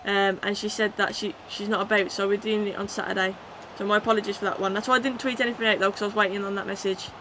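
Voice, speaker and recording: A woman livestreaming a football video game, chatting with her viewers and shouting at the match as it plays out. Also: mid-range voice, fast talker, hardly any pauses, background noise. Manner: excitable, shouts at the game, then chats casually. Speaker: gaming streamer. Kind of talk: live game commentary and chat reading.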